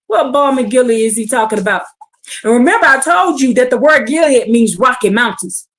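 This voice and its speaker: On a livestream, a woman scripture teacher reads the Bible aloud with commentary, breaking off into blunt, profane asides and pleading rhetorical questions. Her voice is a little high and fairly bright, brisk with lively intonation.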